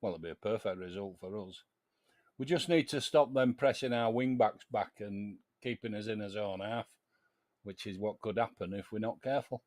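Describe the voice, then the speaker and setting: A man's voice: on the low side, moderate pace, a little mellow. A man chatting casually on a podcast, talking football tactics. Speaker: podcast regular. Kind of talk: casual chat.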